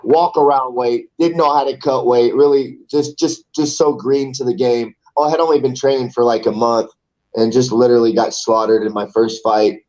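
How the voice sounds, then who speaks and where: A man's voice: medium pitch, fairly even intonation, moderate pace, darkish tone, dull audio. A man in his forties, a fighter guest in a casual interview, talking in a loose, rambling way and swearing casually. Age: 40s. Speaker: amateur MMA fighter, guest.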